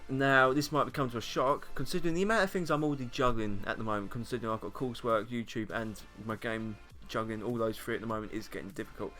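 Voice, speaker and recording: A man's voice: mid-range voice, fairly even intonation, quick pace, hardly any pauses, bright, forceful tone, soft background music. A young British man chatting casually to camera, rambling and self-mocking, often laughing between points. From Britain. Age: young adult. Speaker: YouTuber. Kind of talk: casual vlog monologue.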